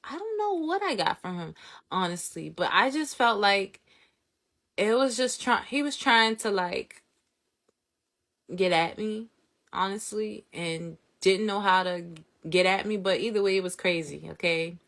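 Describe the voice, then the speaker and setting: Animated young woman telling a story. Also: medium pitch, measured pace. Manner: animated, laughs often, acts out quotes. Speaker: vlogger. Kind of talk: storytime vlog, casual retelling.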